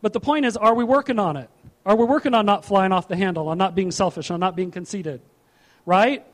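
A male pastor preaching a sermon in an animated, humorous way, repeating his key phrases. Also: high-pitched, fairly quick.

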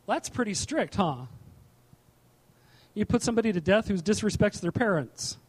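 A middle-aged pastor with a high-pitched voice delivers a sermon in an easygoing, conversational way. He reads scripture aloud and breaks off into chatty asides, often restarting his sentences. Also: lively intonation, moderate pace, long pauses.

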